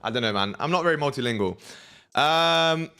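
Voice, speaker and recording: A man's voice: a little high, expressive, normal speed, bright, forceful tone, clean tone. A young man hosting a casual trading livestream, talking to his chat in a slangy, hyped way. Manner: slangy, hypes the chat, thinks aloud. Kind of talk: casual live-stream chat.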